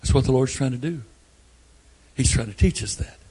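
An older man preaching a sermon, telling folksy family stories and breaking into loud outbursts. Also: medium pitch, normal speed, slightly rough. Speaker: pastor.

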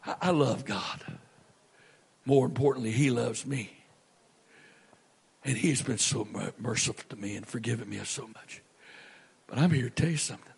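A man preaching a sermon as a pastor, swinging between booming lines and hushed whispers. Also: moderate pace, creaky, pauses often, slightly rough.

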